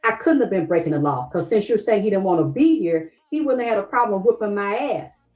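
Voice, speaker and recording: A woman's voice: medium pitch, expressive, fairly quick, a little mellow, low-quality recording. A middle-aged woman with a Southern US accent, talking on a livestream and pressing her viewers with the same questions over and over, stopping to thank them and read their comments aloud. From Southern United States. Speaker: livestream host. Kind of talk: emotional livestream talk to viewers.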